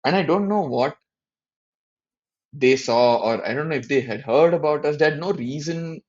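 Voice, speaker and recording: A man, co-hosting a casual podcast and telling stories in an animated way, swearing casually and laughing often. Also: a little high, moderate pace, dry recording, muffled recording. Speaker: podcast co-host.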